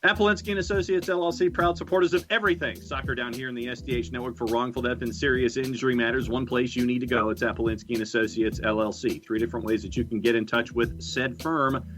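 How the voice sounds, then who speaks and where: A man of middle pitch co-hosts a soccer podcast and reads a sponsor spot in a playful, hammy way. Music plays clearly behind his voice. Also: steady tone, quick pace, few pauses. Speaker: podcast co-host. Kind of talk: casual podcast chat, ad read.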